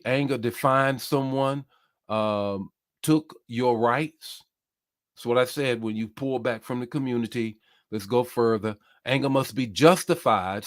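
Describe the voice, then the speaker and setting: A bishop preaching a sermon with passion, repeating his key phrases and reading out comments from listeners. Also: mid-range voice. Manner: impassioned, repeats phrases, reads comments aloud.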